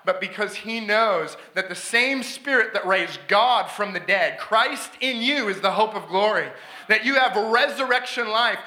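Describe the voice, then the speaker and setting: High, bright-voiced excited male preacher. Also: echoey room. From Canada. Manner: excited storytelling, many restarts, laughs often. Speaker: guest preacher. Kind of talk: sermon. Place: church sanctuary.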